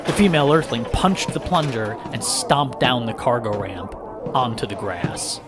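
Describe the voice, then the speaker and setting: A man narrating a first-person story aloud with lively, dramatic delivery. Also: medium pitch, a little slow. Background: background music.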